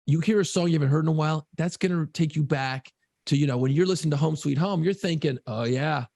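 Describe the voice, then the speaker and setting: A man's voice: a little high, fast, dark tone, no room sound, studio quality. A middle-aged man co-hosting a casual podcast, telling loose, profane stories. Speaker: podcast co-host.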